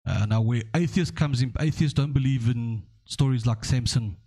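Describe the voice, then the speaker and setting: A podcast host with an average-pitched voice. He talks at length in a loose, rambling way, often checking in with his listeners. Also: normal speed, mellow. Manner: rambling, storytelling, checking in with "okay?". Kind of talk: casual podcast discussion.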